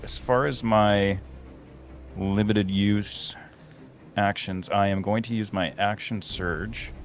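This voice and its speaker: A man chatting casually as a player in a tabletop game, halting and hesitant, filling his pauses. His voice is low and slow, with faint music underneath. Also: steady tone, muffled recording. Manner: hesitant, halting, with many fillers.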